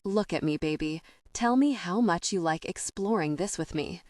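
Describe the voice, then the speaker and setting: An intense, commanding man murmurs slowly in a romance audiobook, as a woman narrator voices him. The voice sits fairly low and the recording is dry and close. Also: lively intonation, a little mellow, no echo, lightly acted. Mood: intimate. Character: intense commanding man, a Navy SEAL lover.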